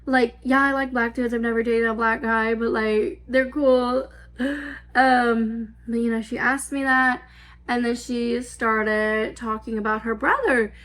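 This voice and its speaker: A woman's voice: fairly high pitch, little pitch movement, measured pace, a bit bright. A woman in her twenties telling a storytime vlog, rambling and filler-heavy, swearing freely. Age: 20s. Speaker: vlogger. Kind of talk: casual storytime.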